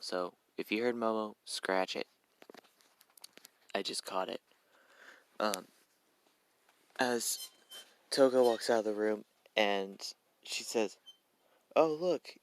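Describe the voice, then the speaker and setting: A young man with a gravelly, low-leaning voice casually narrates a fan story. He rambles, corrects himself as he goes, and swears.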